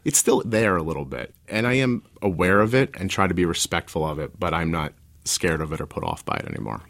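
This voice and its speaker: A man's voice: sits low, very animated, brisk, gravelly, a bit bright. A stay-at-home dad and author in his forties, an interview guest telling personal stories in a candid, rambling way with self-deprecating asides.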